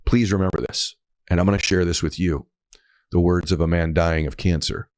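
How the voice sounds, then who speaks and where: A deep-voiced older father facing cancer talks plainly and earnestly, as his son puts him on. The voice sits well below the speaker's usual pitch. The sound is close and dry. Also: fairly even intonation, moderate pace, darkish tone, no echo, natural voice. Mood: tender.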